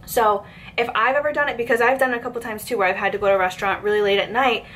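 A woman's voice: mid-range voice, a bit bright, a little hiss or hum. A woman in her twenties telling a work story, chatty and exasperated, with lots of fillers. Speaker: vlogger. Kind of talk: storytime rant.

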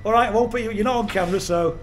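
A man's voice: high voice, very fast, slight background noise, poor audio. Enthusiastic middle-aged man on a walk. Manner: enthusiastic, admiring, chatty. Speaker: vlogger touring villages. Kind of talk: walking tour vlog narration. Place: outdoors in a village, then inside a small shop. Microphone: action camera mic.

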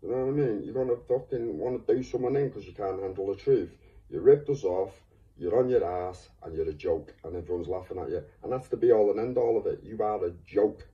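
A man's voice: on the low side, a little fast. A man in an angry, swearing rant to camera as a YouTuber. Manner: heated, insulting, swearing. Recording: distant, dull lo-fi recording.

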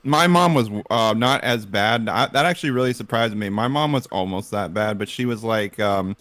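A man's voice: fairly low pitch, moderate pace, no room sound. A man hosting a podcast in casual chat, joking and laughing as he tells stories. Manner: joking, laughs often, lively storyteller. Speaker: podcast host.

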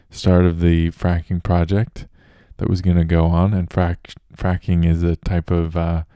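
Deep, flat-voiced male podcast host. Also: clear, resonant tone, dry recording, clean studio sound. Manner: relaxed and loose, with fillers and restarts. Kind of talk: casual solo podcast monologue.

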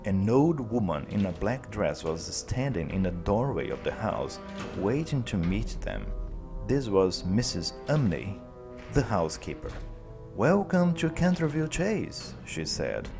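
Man, very deep voice, lively pitch, slow storybook narration, faint music behind. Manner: slow, clear, expressive. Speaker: teacher.

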